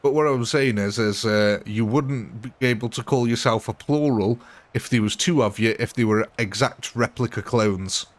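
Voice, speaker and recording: A man's voice: mid-range voice, moderate pace. Rambling, self-mocking male game streamer. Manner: rambling and self-mocking, prone to laughing at himself. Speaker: gaming livestream host. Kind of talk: casual live commentary chatting with viewers.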